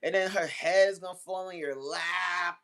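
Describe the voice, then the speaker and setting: A woman's voice: lowish voice, steady tone, a little slow, background noise. A woman hosting a casual livestream chat, answering messages bluntly and profanely, laughing often and acting out the voices in her stories. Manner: acts out quoted voices while telling stories.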